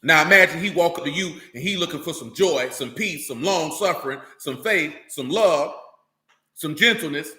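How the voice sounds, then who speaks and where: A man preaching in a loose, streetwise way, blunt, emphatic and full of slang. His voice sits high and bright. It rings out in a roomy, echoing space. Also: moderate pace. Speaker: religious teacher. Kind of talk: informal streetwise sermon.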